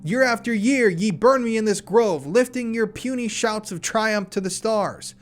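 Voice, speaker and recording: A man's voice: sits high, expressive, measured pace, faint music behind, voice pushed up. A man voicing a mocking evil spirit, the effigy of care, who shrieks and taunts. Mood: taunting shriek.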